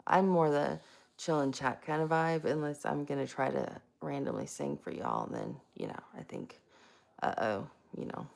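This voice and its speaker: Woman host, casual live chat, deep with some fry, lively and giggly, greets viewers by name. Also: normal speed. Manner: self-mocking and giggly.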